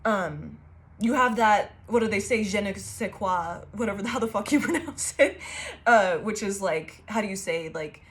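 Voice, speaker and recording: A woman giving a casual tarot reading to her viewers, excitable and profane, rambling and restarting her sentences. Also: medium pitch, moderate pace. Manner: excitable and profane, laughing often. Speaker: tarot reader.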